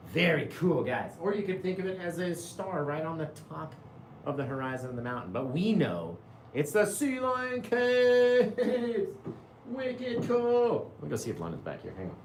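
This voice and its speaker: A man's voice: high-pitched, big pitch swings, moderate pace, echoey room, a little hiss or hum. A man hosting a live painting show, chatting casually with viewers, reading their comments aloud and laughing often.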